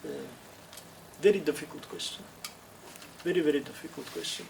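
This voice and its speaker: Picked up on a distant video-call microphone against a noisy background, this higher-pitched South African man fields questions as a webinar speaker. His gravelly voice is expressive, and his answers come measured and thoughtful, full of restarts and emphatic repetition.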